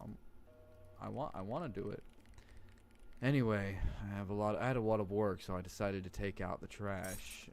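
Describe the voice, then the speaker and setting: A man's voice: lowish voice, creaky. A man streaming live, joking and cursing while reading game text aloud and commenting on his play. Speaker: streamer playing a horror game.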